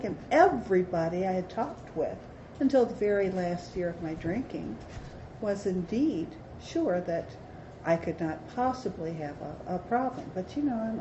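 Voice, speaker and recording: Candid middle-aged woman in a roomy hall. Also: medium pitch. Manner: candid, self-deprecating storytelling. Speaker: AA speaker. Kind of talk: recovery talk to a meeting. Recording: roomy, dull hall recording with faint hiss.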